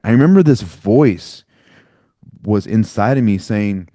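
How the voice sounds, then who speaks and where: A man's voice: lowish voice, animated, measured pace, mellow, no echo, clean studio sound. A man hosting a podcast, telling a personal story in candid, profane conversation peppered with casual slang. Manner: blunt and profane, casual slang like dude and bro. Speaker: podcast host.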